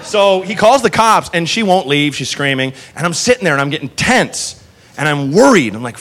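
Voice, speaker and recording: A male comedian telling a stand-up story in an animated, wry way, with laughing asides. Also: fairly high pitch, normal speed.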